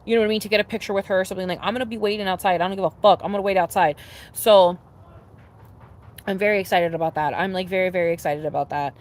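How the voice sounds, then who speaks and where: A young woman chatting casually on a livestream, rambling with lots of fillers and restarts, swearing freely and getting excitable. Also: medium pitch, rapid-fire. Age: young adult. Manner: animated, laughing and excitable. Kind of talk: casual chat to a live audience.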